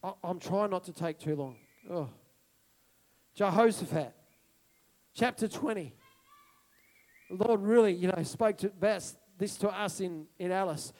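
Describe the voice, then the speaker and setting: A man preaching a sermon, moving between quiet reflection and loud, repeated declarations. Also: sits high, measured pace, pauses often. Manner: impassioned, swinging from soft to loud declarations; repeats phrases for emphasis.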